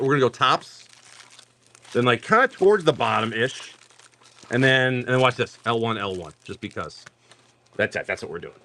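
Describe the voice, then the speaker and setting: A middle-aged man sells cards on a live stream, chatting casually while opening packs, rapidly listing card names and making chatty asides to buyers. His mid-range voice is bright with a forceful tone.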